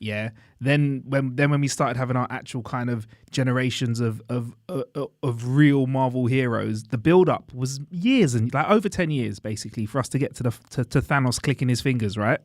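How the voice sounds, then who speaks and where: A man co-hosting a casual podcast chat, lively and chatty, dropping British slang like mate and bruv. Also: mid-range voice, normal speed, hardly any pauses, dry recording, clean studio sound. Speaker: podcast co-host. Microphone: studio podcast mic.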